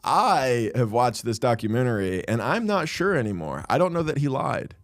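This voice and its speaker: A man's voice: medium pitch, very animated, normal speed, dry recording, clean studio sound. A man who is a comedian and podcast host, telling rambling, anecdotal stories in casual chat.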